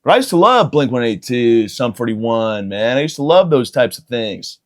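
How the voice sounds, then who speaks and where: A man's voice: mid-range voice, very animated, moderate pace. A man in his thirties carries his podcast solo, rambling from one joke to the next. He swears freely and pokes fun at himself in a loose, unscripted monologue. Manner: profane, self-mocking, riffing. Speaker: podcast host.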